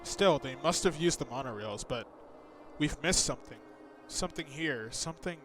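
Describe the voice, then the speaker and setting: A man doing gameplay commentary, reading game dialogue aloud and reacting excitably, swearing and laughing. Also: on the high side, normal speed. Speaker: let's-play gamer. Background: faint game music.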